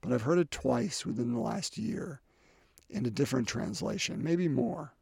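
Gravelly-voiced male preacher. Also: medium pitch, lively intonation, moderate pace, no room sound, clean studio sound. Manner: earnest, repeats phrases, swings between loud and soft. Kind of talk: sermon.

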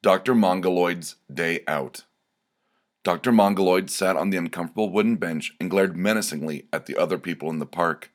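Man reading dark comic short stories, very deep voice, deadpan, slow and deliberate, scripted narration.

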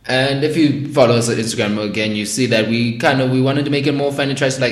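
A man's voice: mid-range voice, fairly even intonation, fast talker, few pauses, reverberant. A man hosting a podcast in casual, slangy chat, laughing often. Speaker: podcast host.

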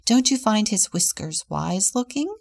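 A woman voicing a bossy, imaginative little girl from a storybook, lively and commanding. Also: mid-range voice, moderate pace, vocal fry, no echo.

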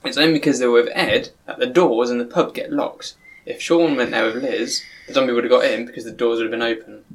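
A man's voice: medium pitch, fairly even intonation, fast, few pauses. A man co-hosting a casual film chat, thinking aloud and building theories step by step. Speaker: co-host.

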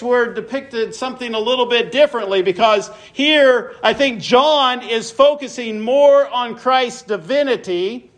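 A man delivers an expository sermon in a fairly high voice. He speaks slowly and deliberately, and his voice rises when he stresses a point. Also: fairly bright tone. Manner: expository preaching, reads scripture aloud, rises in pitch for emphasis. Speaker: preacher.

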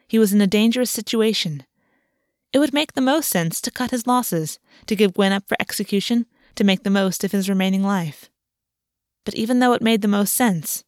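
A woman narrating a fantasy novel chapter in a steady, even reading voice. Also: mid-range voice, no echo, studio quality. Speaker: audiobook narrator. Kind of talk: scripted narration.

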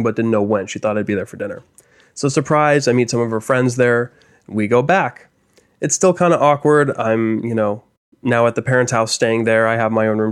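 A young man on a podcast telling a rambling, self-deprecating story in casual chat. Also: mid-range voice. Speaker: podcast co-host.

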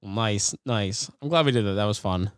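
A man co-hosting a podcast in casual chat, laid-back and quick to laugh. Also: lowish voice, clean tone, dry recording. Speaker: podcast co-host.

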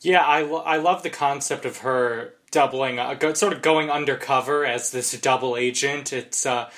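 A man's voice: medium pitch, fairly even intonation, moderate pace, a bit bright. A man talking eagerly in a casual podcast chat, often restarting his words. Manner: eager, stumbles over words.

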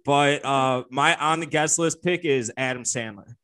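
A man's voice: medium pitch, a little slow, bright, forceful tone. A man co-hosting a podcast, chatting casually and rambling with lots of fillers and restarts. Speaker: podcast co-host. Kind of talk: casual chat.

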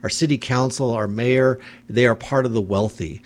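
A man's voice: mid-range voice, normal speed. A man hosting a radio talk show, delivering an angry, impassioned monologue from a studio mic. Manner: angry, indignant, ranting.

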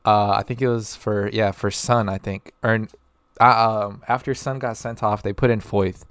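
A young man in relaxed, easygoing casual soccer chat with friends. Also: on the low side, moderate pace, clear, resonant tone, dry recording.

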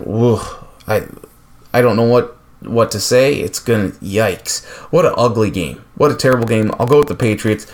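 A man hosting a sports podcast, running through game picks with frequent fillers and restarts. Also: medium pitch. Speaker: podcast host.

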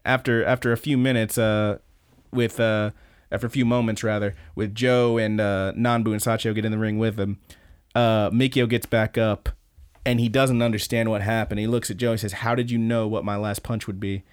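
A man co-hosting a podcast, casually recapping events in an excited play-by-play with some swearing. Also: lowish voice, moderate pace, clear, resonant tone, dry recording, studio quality. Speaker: podcast co-host.

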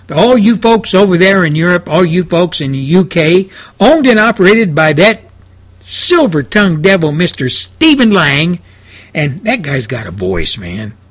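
A man's voice: fairly high pitch, a bit bright, slightly rough. A man hosting a talk radio show from his home studio, talking in a folksy, rambling, plain-spoken way. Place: home studio, seated in an easy chair.

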